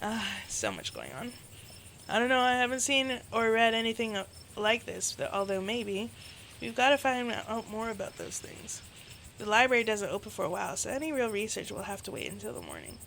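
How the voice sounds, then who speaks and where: A woman hosting a let's play, reacting excitably and laughing often as she reads a game aloud. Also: on the high side, fairly quick, gravelly, a little hiss or hum. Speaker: gaming channel host. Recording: loud game music behind.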